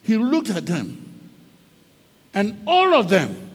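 A man preaches slowly and dramatically, his high voice rising and falling with wide swings. He tells his sermon as a story and slips between English and Twi. His voice rings with the long reverb of a large hall. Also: wildly swooping pitch, breathy edge.

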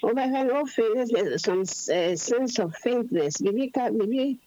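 Lady preaching, slow and explaining, dry dull lo-fi sound. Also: a little high, expressive, dark tone, dry recording. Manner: unhurried, explanatory, code-switching. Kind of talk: sermon mixing Twi and English. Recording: dull lo-fi recording.

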